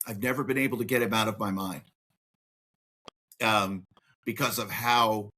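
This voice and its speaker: A man hosting a podcast in casual chat, talking excitably and swinging his pitch up and down. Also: moderate pace, long pauses. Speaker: podcast host.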